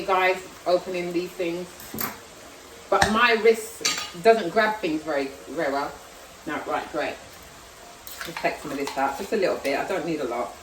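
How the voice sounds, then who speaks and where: A woman's voice: on the low side, noisy background. A woman with a London accent chatting casually and self-deprecatingly while she cooks at home. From South London, England. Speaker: vlogger. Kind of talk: casual cooking vlog chat. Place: home kitchen. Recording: echoey kitchen, far from mic, sizzling. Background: frying and sizzling food.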